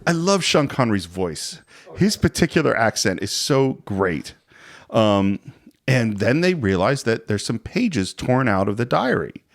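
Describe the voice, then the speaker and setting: Animated man enthusing about films. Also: medium pitch, measured pace, creaky. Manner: enthusiastic, laughs a lot, acts out scenes. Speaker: podcast host. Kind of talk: casual film discussion.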